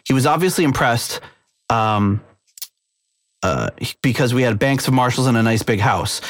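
A man's voice: medium pitch, lively intonation, normal speed, no room sound, clean studio sound. A man hosting a podcast, casually reading band history aloud with fillers and asides. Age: middle-aged or older. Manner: reads quotes aloud with fillers and laughs. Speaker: podcast host.

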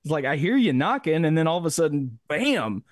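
A man co-hosting a music podcast in casual chat, acting out mock quotes with animated energy. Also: on the high side, fairly quick, no echo, clean studio sound. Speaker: podcast co-host.

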